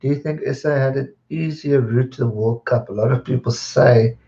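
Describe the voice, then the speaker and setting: A man's voice: medium pitch, moderate pace, dark tone, dull audio. A man hosting a live stream, chatting casually and greeting viewers by name as he reads their comments.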